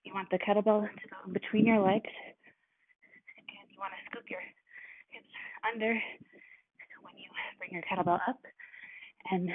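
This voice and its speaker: A woman casually talking through workout moves as a fitness instructor, relaxed and chatty with many fillers. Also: mid-range voice, husky. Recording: tinny, dry, phone-like sound.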